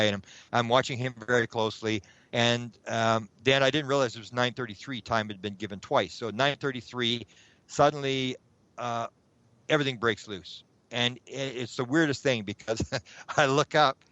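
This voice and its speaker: Middle-aged male guest, chatty storyteller, mid pitch, dry lo-fi sound. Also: no echo. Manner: animated, acts out his own past thoughts. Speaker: guest, UFO researcher. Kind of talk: rambling anecdotal storytelling. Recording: dull lo-fi sound.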